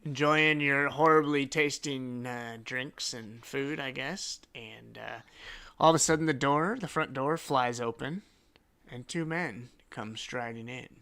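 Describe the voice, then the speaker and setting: A man's voice: medium pitch, unhurried, pushed and bright, clear, resonant tone. A man narrating a tabletop game as game master, in a casual, loose style with many fillers.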